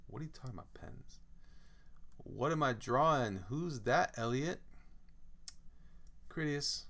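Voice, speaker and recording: A man streaming himself drawing, chatting casually and exclaiming to viewers in an animated way. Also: medium pitch, measured pace, long pauses. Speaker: artist streaming his drawing. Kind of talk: casual live-stream chat.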